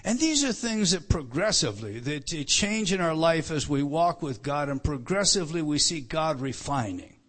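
A man preaching an earnest sermon, often repeating words and slowing down for emphasis. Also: on the high side, big pitch swings, fairly bright tone. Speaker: pastor.

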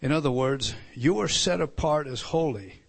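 A man preaching a sermon, teaching through a text with frequent restarts and repeated words, building to loud emphatic lines and dropping to soft asides. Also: on the high side, normal speed, creaky, husky. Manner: animated teaching, many restarts and stammered repeats.

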